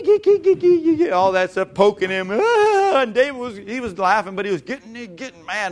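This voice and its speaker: Middle-aged guy pastor preaching, lively storyteller, chuckles a lot, kinda high voice. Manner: animated, jumps into voices, chuckles often. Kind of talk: sermon with storytelling.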